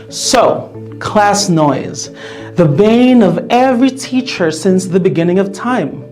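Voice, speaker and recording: Lively woman teacher with soft music. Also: mid-range voice. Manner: lively, acts out shouting at pupils. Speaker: teacher presenting classroom tips. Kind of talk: scripted educational video.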